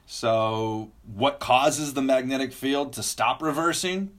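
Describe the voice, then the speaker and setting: A man explaining the reversals of the magnetic field as a guest, in measured and clear sentences. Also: medium pitch, fairly bright tone. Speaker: geophysicist guest. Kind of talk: explanatory conversation.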